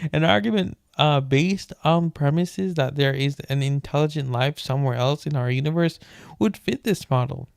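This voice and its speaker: A man's voice: fairly high pitch, gravelly, a little mellow, dry recording, clean studio sound. A man casually reading a book aloud late at night, often stumbling over words and breaking off into joking rants.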